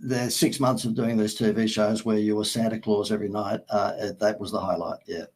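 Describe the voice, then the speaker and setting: Husky-voiced Australian man telling stories. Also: lowish voice, a little fast, low-quality recording. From Sydney, Australia. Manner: animated storyteller who acts out quoted dialogue and laughs at his own anecdotes. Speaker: guest, marketing agency founder. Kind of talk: storytelling in an interview.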